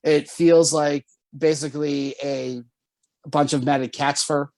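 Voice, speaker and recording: A man telling a story on a casual podcast, animated and swearing often, jumping high when quoting himself. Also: measured pace, no room sound. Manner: animated, swears often, jumps to high pitch for quoted lines. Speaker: podcast co-host.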